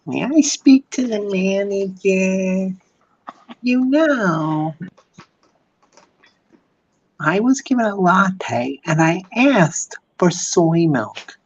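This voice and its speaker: A man voicing an entitled, complaining woman customer in a shrill, drawn-out whine. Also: animated, lo-fi sound, exaggerated voice. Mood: whiny.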